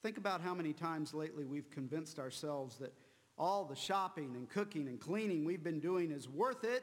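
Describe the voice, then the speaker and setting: A man preaching a sermon, slow and deliberate, repeating key words for emphasis. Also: a little high, expressive, big-room sound. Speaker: pastor.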